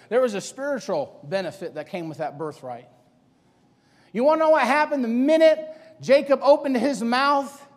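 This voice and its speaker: A man with a high, ringing voice preaches a sermon, swinging between loud emphasis and quiet asides. His voice carries a long reverb, like a large church hall.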